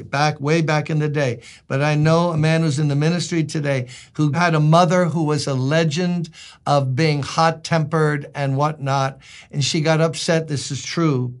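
High-voiced man preaching a sermon. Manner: emphatic, conversational preaching with rhetorical questions. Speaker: pastor.

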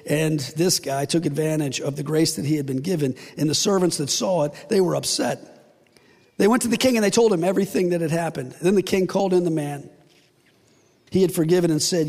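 Gravelly-voiced man preaching in a reverberant hall. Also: on the high side, lively intonation, moderate pace, darkish tone. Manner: storytelling, acts out characters with playful asides. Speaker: pastor. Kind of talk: sermon. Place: church sanctuary.

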